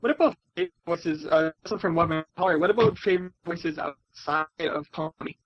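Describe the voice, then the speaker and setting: High-voiced man reading questions, lo-fi. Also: brisk. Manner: hesitant, filler-heavy question reading. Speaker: co-host reading viewer questions. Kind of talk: casual chat. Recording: dull lo-fi mic.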